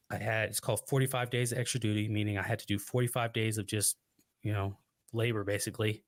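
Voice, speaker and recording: An earnest young man speaks as a podcast guest, reflective and halting, often starting a phrase again before finishing it. His voice sits at an ordinary pitch for a man. The room is dry with no echo. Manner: earnest, reflective, many restarts. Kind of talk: personal storytelling.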